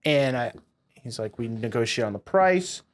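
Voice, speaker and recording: Animated young man telling stories. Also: mid-range voice, moderate pace. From Boston, USA. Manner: animated, swears, acts out quotes. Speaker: company founder, guest. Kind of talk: casual storytelling interview.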